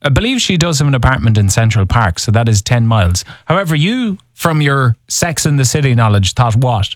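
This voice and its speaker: A man's voice: mid-range voice, sing-song, brisk, no room sound, clean studio sound. Teasing radio host, man. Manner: teasing, playful. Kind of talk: lively radio banter.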